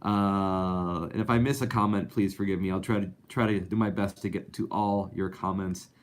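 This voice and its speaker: Upbeat rambly guy on a live stream, kinda low voice, lots of uh's and um's. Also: fairly even intonation, normal speed. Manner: chatty, upbeat, rambling with many fillers. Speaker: host of a live animation talk show. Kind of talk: casual live-stream chat reading viewer comments.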